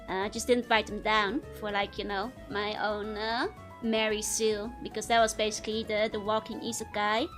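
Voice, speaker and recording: A woman's voice: fairly high pitch, a bit bright. A young woman streamer chatting casually with viewers, giggling often between phrases.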